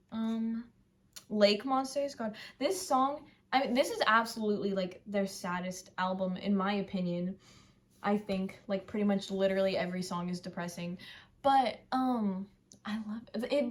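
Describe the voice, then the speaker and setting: A teenage girl vlogging in casual chat, gushing and rambling excitably about music she loves. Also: mid-range voice.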